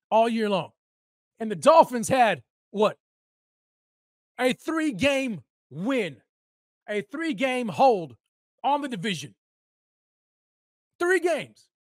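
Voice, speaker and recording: Male sports podcast host, high voice, dry close sound, mocking heated rant full of repeats. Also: very animated, slow pace, pauses often, dry recording. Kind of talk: solo sports commentary rant.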